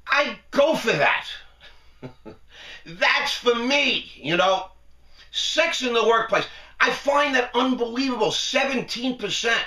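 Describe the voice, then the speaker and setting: A man's voice: high-pitched, pushed and bright, reverberant, far from the mic. A middle-aged man hosting his own show, talking to camera in a boastful, joking way and laughing at his own lines. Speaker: online show host. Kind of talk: casual monologue to camera. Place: television studio.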